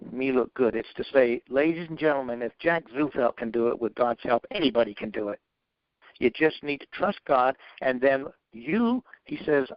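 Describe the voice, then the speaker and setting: A man with a medium-pitched voice narrates his personal journey in an interview, animatedly performing both sides of earlier conversations with an earnest, faith-based motivational tone. The lo-fi audio is dry and a bit dull, with no room sound.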